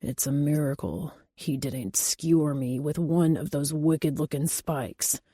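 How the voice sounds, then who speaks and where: Woman voicing a muttering male wolf warrior, low, dark and mellow, dry. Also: measured pace. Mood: sullen. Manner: muttering darkly. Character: joking young male wolf-shifter warrior.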